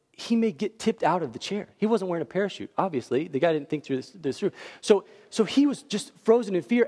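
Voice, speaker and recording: Casting: high-pitched male preacher, animated storyteller, long hall reverb. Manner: animated storyteller, swings from quiet to near-shouting. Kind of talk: sermon with storytelling.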